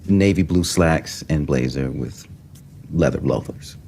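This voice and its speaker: A young man recounting a college story in a relaxed, conversational way. His low voice keeps checking in with the listener. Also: unhurried, vocal fry, a little hiss or hum, heavily acted. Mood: casual, storytelling. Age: young adult. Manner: relaxed storytelling, seeks agreement with "right?". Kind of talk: TV series dialogue, conversational storytelling.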